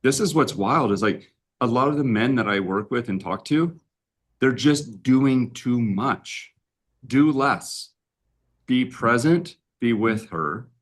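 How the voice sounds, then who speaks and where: A man's voice: medium pitch, expressive, takes it slowly. A man hosting a relationship talk, telling stories casually and often checking in with "right?". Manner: storytelling, often tags lines with "right?". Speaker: relationship coach and host. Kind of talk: casual conversation. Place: live-streamed talk.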